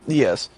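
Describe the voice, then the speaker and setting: A man telling a funny story in casual chat, laughing often and acting out quotes with a raised voice. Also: rough recording.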